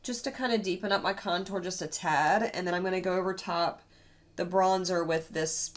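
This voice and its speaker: A woman's voice: lowish voice, fairly even intonation, moderate pace. Tired, rambling woman beauty vlogger. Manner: rambling, conversational. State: tired and ill. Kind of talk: chatty get-ready-with-me.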